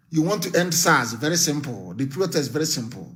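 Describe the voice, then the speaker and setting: A man's voice: fairly high pitch, big pitch swings, fairly quick, fairly bright tone. Fiery man. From Nigeria. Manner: fiery, scornful and emphatic, with repeated warnings. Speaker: activist leader. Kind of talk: live political broadcast speech.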